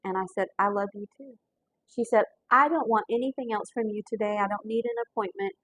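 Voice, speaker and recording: A woman's voice: mid-range voice, fairly quick, a bit bright, breathy edge, no room sound, poor audio. A woman, a pastor hosting a cooking show, telling a heartfelt story in an earnest, folksy way while fighting back tears. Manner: earnest, folksy, with frequent restarts and fillers.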